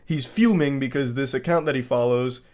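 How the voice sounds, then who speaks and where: A man's voice: mid-range voice, moderate pace, darkish tone. A young man giving sarcastic comedic commentary while reading text messages aloud. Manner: sarcastic, dry. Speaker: YouTube commentator.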